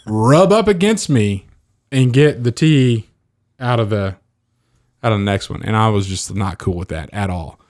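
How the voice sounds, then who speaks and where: A man, co-hosting a podcast in casual chat and telling animated stories. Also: on the low side, measured pace, pauses often, dry recording. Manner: animated storyteller, laughs a lot. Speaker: podcast co-host.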